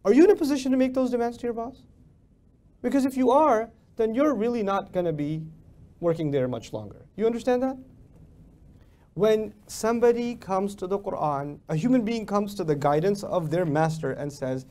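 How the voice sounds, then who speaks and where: Animated high-voiced male lecturer. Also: moderate pace. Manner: animated, rhetorical questions, acts out mock dialogues. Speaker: lecturer on the Quran. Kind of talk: Islamic lecture.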